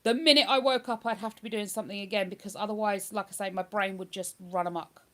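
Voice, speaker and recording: A woman's voice: medium pitch, fairly even intonation, quick pace. A woman chatting on a live stream, reading viewer comments aloud and answering them. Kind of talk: casual live-stream chat.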